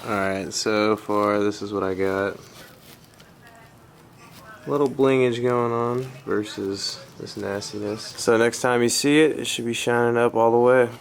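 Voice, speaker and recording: A man's voice: mid-range voice, fairly even intonation, measured pace, gravelly, slight background noise. A man chatting casually in a slangy, laid-back way as he narrates a vlog from his garage workshop. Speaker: motorcycle vlogger.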